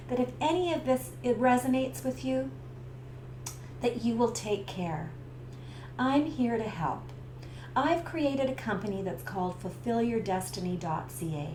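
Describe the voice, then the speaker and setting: A middle-aged woman from Canada, a stress coach telling a personal story to camera and acting out the scenes. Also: mid-range voice. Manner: lively storyteller who acts out the scenes. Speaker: stress coach and business owner. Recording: roomy echo with faint background hiss.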